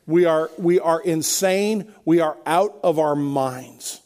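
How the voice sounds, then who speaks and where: A man's voice: on the high side, slow, darkish tone. A middle-aged man preaching a sermon as pastor, conversational and emphatic, building to repeated refrains.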